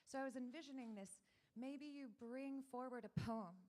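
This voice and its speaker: A woman does a stand-up set at an open mic. She teases the crowd and pulls them in with questions. Her voice sits a little high. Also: moderate pace, darkish tone. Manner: playful, coaxing the audience with questions. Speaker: stand-up comedian.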